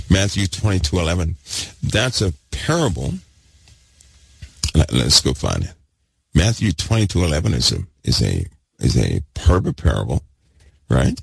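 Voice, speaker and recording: A man preaching a fervent sermon, repeating himself and swinging between loud bursts and hushed asides. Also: rumbling low, wildly swooping pitch, normal speed, vocal fry, long pauses, slightly rough, no room sound.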